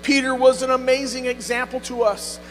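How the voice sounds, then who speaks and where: A man preaching a sermon as pastor, calling on the congregation to answer and rising into shouts. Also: extremely high pitch, level tone, a little fast. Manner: call-and-response preaching, building to shouts. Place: church sanctuary. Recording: music behind, long hall reverb.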